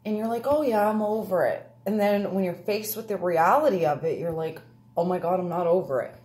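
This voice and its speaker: A woman's voice: fairly low pitch, fairly quick, a little mellow. Earnest woman giving a personal talk. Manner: earnest, confessional. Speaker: speaker.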